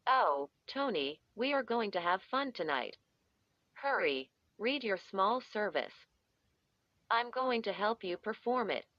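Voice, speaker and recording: A menacing young woman taunts in a slow, sly voice, as a woman reading the story puts her on. She sounds teasing and cruel. The recording is dull and lo-fi, with a dry sound and no room echo. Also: mid-range voice, lively intonation. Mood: taunting.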